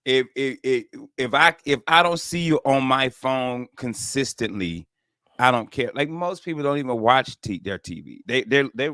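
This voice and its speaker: A middle-aged man co-hosting a comedy radio talk show, talking in a relaxed way with frequent restarts. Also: medium pitch, normal speed, clear, resonant tone, no echo, clean studio sound. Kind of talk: casual comedy radio banter.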